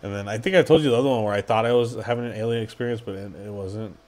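A man's voice: on the low side, very fast. Profane, laid-back man telling stories. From New Mexico. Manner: loose and profane, laughs often, swings into loud mock shouting. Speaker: podcast co-host. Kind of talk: casual chat.

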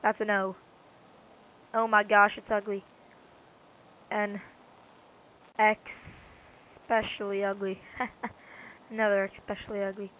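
A woman's voice: medium pitch, little pitch movement, slow, long pauses, a bit bright, muffled recording. A woman giving rambling, goofy, self-mocking commentary while she plays a game. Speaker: let's-play gamer. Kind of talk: casual gameplay commentary.

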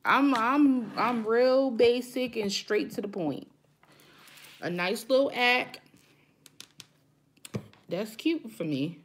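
A woman's voice: a little high, takes it slowly, pauses often, slight background noise. A woman hosting a live chat with her viewers, talking frankly and emphatically straight to them.

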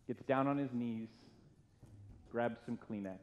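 Slow and full of long pauses, a medium-pitched male voice belongs to a middle-aged ex-youth pastor paying humorous tribute at a church retirement party. He spins a self-mocking anecdote as a lively, self-deprecating storyteller. Expect an echoey hall, faint hiss, and dull lo-fi quality.

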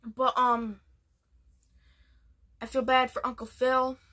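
A woman's voice: sits high, little pitch movement, slow pace, bright, forceful tone. A woman chatting casually in a vlog, rambling with many restarts. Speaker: vlogger. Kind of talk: casual vlog chat ranking TV shows.

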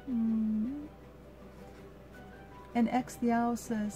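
Slow, mellow-voiced older woman reading aloud. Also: mid-range voice, faint music behind. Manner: slow, gentle, asks the listener questions. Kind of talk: reading a picture book aloud to a child.

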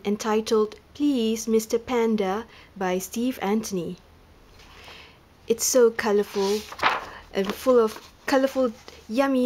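A woman reading a children's picture book aloud in an amused, lively way. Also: on the high side. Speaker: reader.

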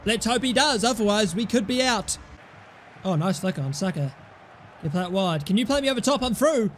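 Young man, very high voice, gameplay commentary, excitable, shouts at the screen, mutters low asides. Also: normal speed, pauses often, a little hiss or hum. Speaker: gaming YouTuber.

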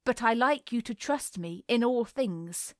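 Woman reading as a grave, gentle gentleman father. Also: fairly high pitch, expressive, unhurried, dry recording, studio quality. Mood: pleading, firm. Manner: quiet and reassuring, firm. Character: grave, gentle aristocratic father, middle-aged man.

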